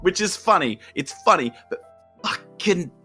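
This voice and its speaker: Bright-voiced Australian man ranting. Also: high-pitched, expressive, measured pace, breathy edge, faint music behind. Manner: rants with swearing, explains at length. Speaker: podcast co-host. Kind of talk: casual chat.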